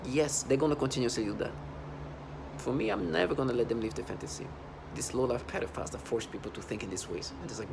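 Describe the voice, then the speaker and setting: Gravelly man ranting into camera. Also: mid-range voice, expressive, quick pace, noisy background. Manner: agitated and repetitive, swings from muttering to loud outbursts. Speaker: vlogger. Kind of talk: ranting video monologue.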